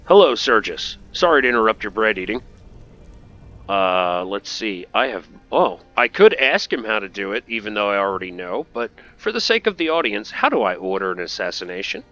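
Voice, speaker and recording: A chatty man narrating his gameplay in a playful, jokey manner, with a forceful, bright-edged voice that sits a little low. The recording is dull and lo-fi, with game music playing faintly behind him. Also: sing-song, fairly quick, few pauses. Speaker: gameplay commentator. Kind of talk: casual gameplay commentary.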